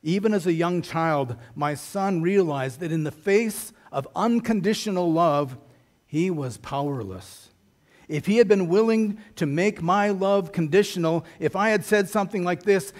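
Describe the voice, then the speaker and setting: A man's voice: high voice, lively intonation, moderate pace, a little mellow. A middle-aged man preaching a sermon as a pastor, in a conversational storytelling manner with wry humor.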